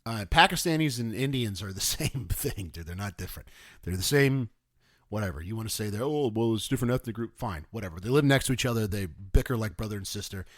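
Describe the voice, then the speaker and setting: Close-miked in a studio, this thirty-something podcast host delivers a sarcastic, casual rant that lurches between quiet muttering and shouting. He sounds animated and talks fairly quickly, and the recording is dry.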